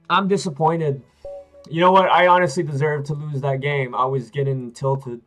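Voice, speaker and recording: A man's voice: on the high side, steady tone, normal speed, fairly bright tone, faint music behind, poor audio. A man streaming chess games live, talking to himself and his viewers as he plays, swinging between hype and frustrated muttering. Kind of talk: live-stream commentary while playing.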